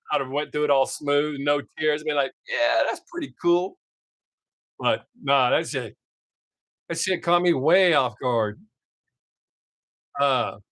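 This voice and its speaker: A man's voice: on the high side, fairly bright tone, dry recording, studio quality. A man hosting his own live stream, chatting casually with viewers, reading their comments and swearing freely. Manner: profane, laid-back, talks to chat viewers by name.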